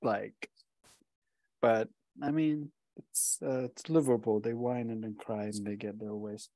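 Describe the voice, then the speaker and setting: A man's voice: fairly low pitch, steady tone, unhurried, mellow, dry recording. Blunt man trash-talking on a panel. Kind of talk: casual football chat.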